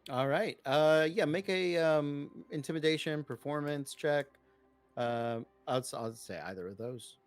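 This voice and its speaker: A man's voice: on the high side, a little slow, smooth. A man running a tabletop game as game master, giving matter-of-fact rulings and vivid narration.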